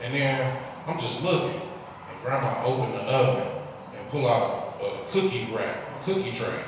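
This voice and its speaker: A man's voice: medium pitch, expressive, moderate pace, distant mic, noisy background. A young man from Detroit with a Detroit accent, telling loose stand-up stories with exasperated quoted voices. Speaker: stand-up comedian. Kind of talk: stand-up set. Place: live comedy club stage. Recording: echoey hall recorded from afar. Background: audience laughter.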